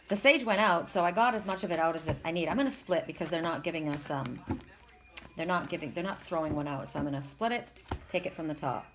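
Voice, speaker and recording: A woman's voice: fairly low pitch, noisy background. A woman reading tarot cards for her viewers, talking to them directly in an impassioned way and often repeating herself for emphasis. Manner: impassioned, talks straight to viewers, repeats words. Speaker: tarot card reader. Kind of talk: spiritual card reading monologue.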